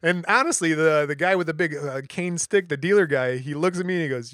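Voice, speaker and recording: A man's voice: a little high, fast talker, hardly any pauses, no echo, clean studio sound. A man co-hosting a podcast, telling a long anecdote in casual chat and acting out the voices of the people in it. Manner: animated anecdote teller, acts out quotes. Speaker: podcast co-host.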